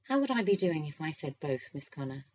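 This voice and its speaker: A flirtatious, quietly confident boss who teases in a soft voice, read by a woman narrating a romance audiobook. The voice sits low, with an easy, unhurried charm. The sound is slightly dull and lo-fi. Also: big pitch swings, no room sound. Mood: teasing.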